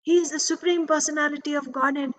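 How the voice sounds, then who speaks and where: A furious little boy, as a woman storyteller puts him on, fires off shrill accusing questions, his voice jumping high above her usual pitch. He sounds loud and pressing, outraged and unwilling to let it go. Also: fairly even intonation, very fast. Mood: angry, indignant. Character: indignant little five-year-old boy scolding his father.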